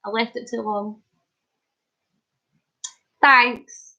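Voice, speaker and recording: High-voiced jokey woman streamer. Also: takes it slowly, lo-fi sound. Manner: chatty, jokey, punning, laughs often. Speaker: livestream host. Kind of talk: casual live chat reading comments.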